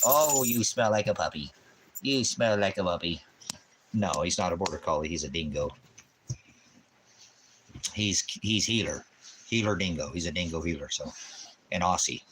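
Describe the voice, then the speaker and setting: Deep-voiced rambling man on a livestream. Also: background noise. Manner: rambling, profane, preachy; baby talk to his dog. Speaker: YouTube channel host. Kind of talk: casual livestream chat.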